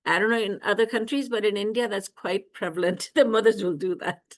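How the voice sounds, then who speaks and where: A woman spiritual teacher telling devotional stories in an animated way, often laughing and acting out scenes, over a video call. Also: mid-range voice, a little fast. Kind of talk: devotional storytelling discourse.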